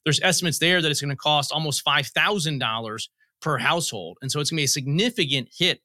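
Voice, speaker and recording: A man's voice: a little high, fast talker, bright, forceful tone, no room sound, studio quality. A man being interviewed as a guest on a podcast, explaining policy and telling analogies as he goes. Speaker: guest, federal commissioner. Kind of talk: interview answers.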